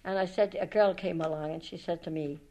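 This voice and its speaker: An older woman with an Irish accent tells stories from her life in a rambling, lively way, full of restarts and retold conversations. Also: on the low side, fairly quick, poor audio. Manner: rambling, lively, retells past talk with many restarts. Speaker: storyteller recalling her life. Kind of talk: spoken memoir, reminiscing.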